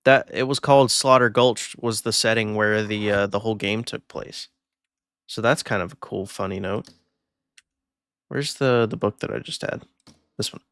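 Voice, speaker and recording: A man's voice: lowish voice, fairly even intonation, normal speed, fairly bright tone, smooth, dry recording. A man streaming a video game and rambling through casual commentary while thinking aloud.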